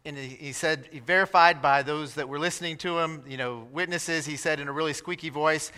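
A man preaching a sermon, telling a story in an animated way and acting out the voices of the people in it. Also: on the high side, normal speed, hardly any pauses, clear, resonant tone. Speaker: pastor. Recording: reverberant hall.

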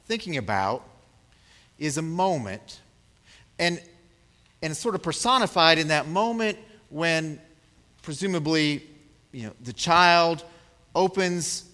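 In a large hall, a pastor with a fairly high voice preaches a sermon in a conversational way, checking in with the congregation. He acts out scenes as he talks, with big swings in loudness.

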